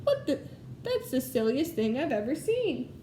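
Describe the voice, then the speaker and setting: A woman voicing an amazed, scoffing female cow in a storybook read-aloud, squealing high in disbelief. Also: big pitch swings, normal speed, dark tone, echoey room, slight background noise.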